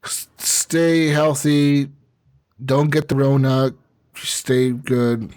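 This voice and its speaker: A man's voice: mid-range voice, fairly even intonation, drawn-out words, a little mellow, clear, resonant tone, dry recording, studio quality. A man hosting a casual gaming podcast, rambling, laughing often and swearing a lot. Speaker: podcast host. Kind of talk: casual chat.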